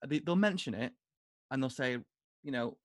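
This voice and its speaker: A man hosting a casual podcast chat, rambling with fillers and quick to joke. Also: medium pitch, expressive, no room sound, studio quality. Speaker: podcast host.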